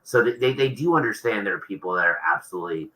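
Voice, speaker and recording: A man's voice: lowish voice, animated, fast talker, sharp tone, rough recording. A man, an author being interviewed, talking casually and rambling with many restarts.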